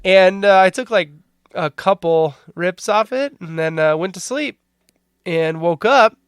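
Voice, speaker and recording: A podcast host tells a story with lots of animation, acting out quotes along the way. The pitch swings widely. The recording is dry and close. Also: animated, measured pace, smooth, no room sound.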